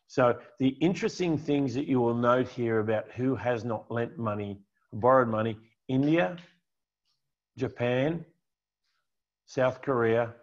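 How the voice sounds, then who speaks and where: A man's voice: lowish voice, a little mellow, muffled recording. A man giving a conversational, emphatic client update as a financial adviser, talking over slides. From Australia. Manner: conversational, emphatic, repeats key points. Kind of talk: presentation with slides.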